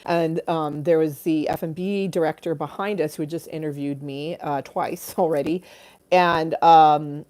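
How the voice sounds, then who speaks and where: A middle-aged woman chats through ghost stories on a livestream, her voice sitting a little low for a woman. She talks casually and laughs often, slipping into other people's voices as she retells what they said. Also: fairly even intonation, unhurried, darkish tone. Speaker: livestream host.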